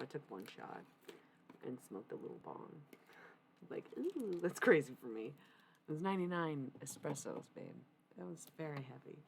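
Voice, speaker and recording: Low-voiced rambling woman streamer. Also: gravelly, slight background noise, poor audio. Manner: rambling, profane, excitable. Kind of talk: casual livestream chat.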